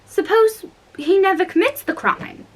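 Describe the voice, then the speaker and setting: A woman's voice: extremely high pitch, a little slow, voice pushed up, low-quality recording. A woman reading aloud and voicing Alice, a polite and curious young girl, in a raised, earnest voice with slips and restarts. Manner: earnest, questioning. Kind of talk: storybook reading.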